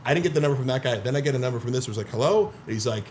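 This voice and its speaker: A man on a podcast telling a story in casual chat, animated and filler-heavy, swearing often and acting out what others said. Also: mid-range voice, rapid-fire, a little hiss or hum.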